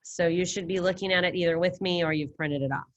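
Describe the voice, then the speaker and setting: A woman's voice: fairly low pitch, steady tone, fast talker, dull audio. Casual woman teaching an online class. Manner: casual, upbeat, quizzing students. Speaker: Spanish teacher. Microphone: computer mic on a video call.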